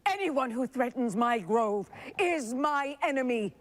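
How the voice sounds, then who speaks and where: A woman's voice: high voice, expressive, measured pace, pitched above the performer's own voice. A woman reading a loyal guardian of souls. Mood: solemn. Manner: earnest, vow-like, dropping to a whisper.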